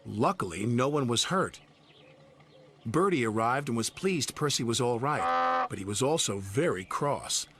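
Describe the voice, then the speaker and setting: A man narrating a children's story with an animated, scripted delivery. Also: mid-range voice, a little slow. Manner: lively, animated telling. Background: background music.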